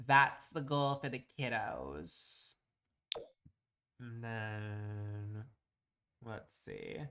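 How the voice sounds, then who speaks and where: A man's voice: on the low side, a bit bright, a little hiss or hum. A man casually chatting on a live stream while he plays a building game, teasing and swearing freely at home.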